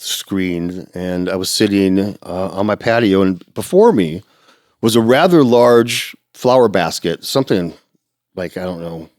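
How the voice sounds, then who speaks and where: A man telling his recovery story in a casual podcast chat, acting out sounds and quotes and jumping into a high, excited voice. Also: no echo, clean studio sound. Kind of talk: animated personal storytelling.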